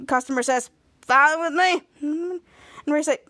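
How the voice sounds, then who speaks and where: A woman with a high-pitched voice and moderate pace hosts a podcast. She tells the story of a TV episode casually, acting out the characters' lines with lively voices.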